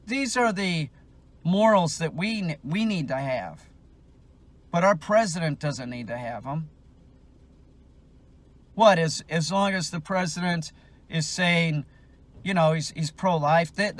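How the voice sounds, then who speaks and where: A man's voice: sits high, a bit bright. A man giving an unscripted, heated rant, rambling and swearing, with many restarts. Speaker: dog trainer ranting on his channel.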